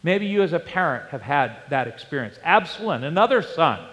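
A male pastor preaching a sermon, animated and storytelling, with rhetorical questions to the congregation. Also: fairly high pitch, fairly quick. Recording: long hall reverb.

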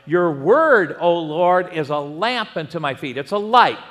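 A male pastor preaching in a church sanctuary, his slightly high voice carrying a long reverb tail through the hall. He speaks conversationally and illustrates his points with homely personal stories. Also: very animated, unhurried, fairly bright tone. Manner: conversational, telling personal stories with acted quotes. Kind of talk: sermon.

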